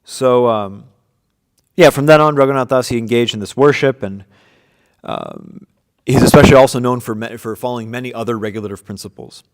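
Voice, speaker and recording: A man's voice: medium pitch, brisk, big-room sound. A man teaching an informal scripture class to a group, talking casually with many fillers and restarts. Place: room with devotees present.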